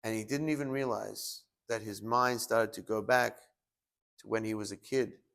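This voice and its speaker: Male rabbi, sermon delivery, animated storyteller who acts out the voices he quotes. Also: fairly low pitch, moderate pace, gravelly.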